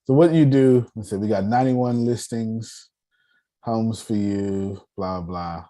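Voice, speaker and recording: A man's voice: on the low side, a little slow. A man hosting an online meeting on personal finance, talking casually and animatedly, joking and calling on listeners. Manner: animated, calls on listeners, joking, lots of restarts. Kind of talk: casual teaching talk.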